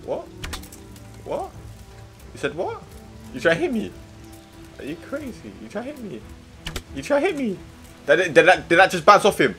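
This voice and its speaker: A man's voice: sits high, normal speed, pauses often, music in the background. Young guy doing let's play commentary, lots of slang, voice jumps around loads. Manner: excitable, slangy, swings from mumbling to shouting. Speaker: gaming streamer.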